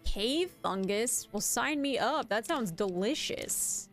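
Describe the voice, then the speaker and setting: A playful woman streamer talks through her game with a sarcastic edge, her pitch bouncing up and down as she reacts. Her voice sits a little high. Quiet game music plays underneath. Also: expressive, slow. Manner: playful and sarcastic, laughs often. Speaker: streamer playing a video game. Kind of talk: casual gameplay commentary.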